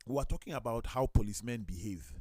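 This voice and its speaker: A man's voice: medium pitch, fast, dry recording. A man with a Nigerian accent, a pastor hosting a studio talk show, telling anecdotes and acting out the people he quotes. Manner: storytelling, acts out quoted voices, lively.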